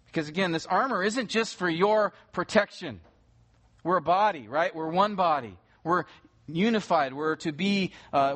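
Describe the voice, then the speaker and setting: A man's voice: fairly high pitch, a bit bright. A man preaching a sermon as pastor, explaining scripture step by step and rising to urgent emphasis at key points. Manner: earnest, rises to urgent emphasis.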